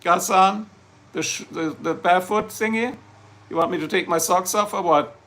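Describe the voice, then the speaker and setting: Man, German accent, raised pitch, casual livestream host, rambling and jokey. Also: normal speed, fairly bright tone. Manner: rambling, chatty, jokey, with many restarts. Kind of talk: casual livestream chat answering viewer comments.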